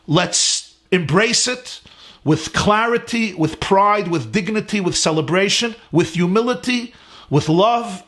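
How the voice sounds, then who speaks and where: A man with a fairly high voice delivers a heartfelt class as a rabbi, recorded at home. He talks with steady conviction, pressing each point by listing words in a climbing cadence. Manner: earnest, emphatic, lists words in rising cadence. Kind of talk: sermon-style class. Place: his home.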